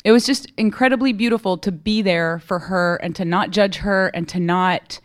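A woman's voice: mid-range voice, steady tone, normal speed. A woman giving a candid, conversational recovery testimony at a meeting, often checking in with her listeners. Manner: candid and conversational, keeps asking "right?". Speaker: speaker sharing at a recovery meeting.

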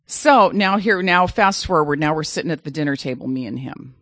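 Animated middle-aged woman telling a story. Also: deep voice, a little fast, hardly any pauses, no room sound. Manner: animated, dramatic, self-mocking. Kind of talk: personal storytelling.

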